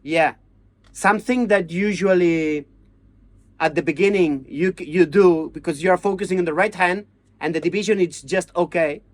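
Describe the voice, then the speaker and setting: A man teaching hand-drum technique, chanting drum syllables and counting beats in halting. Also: high-pitched, dry recording. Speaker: percussion teacher. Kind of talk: hands-on music lesson.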